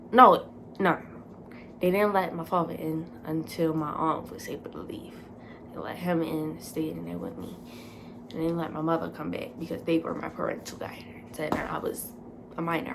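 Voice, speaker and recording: A young woman vlogger telling a casual storytime, animated and dramatic, full of fillers. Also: lowish voice, slight background noise.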